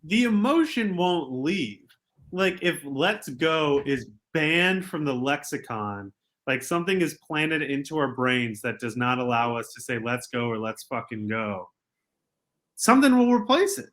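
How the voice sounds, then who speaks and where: A young adult man co-hosting a podcast, ranting in casual sports banter and swinging from quiet asides to loud outbursts. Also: medium pitch, very animated, measured pace. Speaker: podcast co-host.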